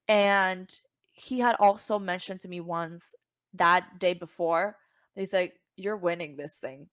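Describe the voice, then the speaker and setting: Animated woman telling a story, dry sound. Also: slow, no echo. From Cuba. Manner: animated, acts out quoted voices with big pitch jumps. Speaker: podcast guest, singer. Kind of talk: casual storytelling.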